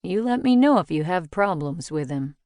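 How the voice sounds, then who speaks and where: A woman's voice: lowish voice, animated, normal speed, darkish tone, no room sound, studio quality, close to an everyday voice. A woman narrator voicing a tired, protective male lead mechanic in his thirties, concerned and brotherly. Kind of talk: audiobook character voice.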